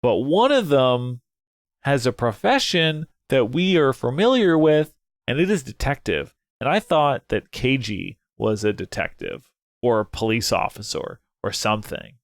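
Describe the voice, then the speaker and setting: A man's voice: medium pitch, measured pace, no echo. Young guy rambling through a game, swears, voice jumps around a lot. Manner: excitable, swears, thinks out loud. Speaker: game let's player. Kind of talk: casual gameplay commentary.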